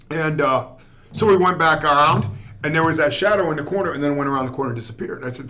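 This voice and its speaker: A man, a guest actor, telling a story in a relaxed, rambling way on a podcast. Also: a little high, fast. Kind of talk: casual storytelling chat.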